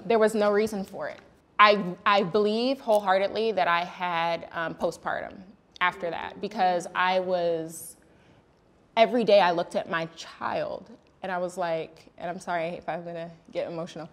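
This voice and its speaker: Woman host telling her story straight, kinda low voice, acts out the other people. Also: fairly even intonation, moderate pace, a bit bright. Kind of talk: candid panel talk.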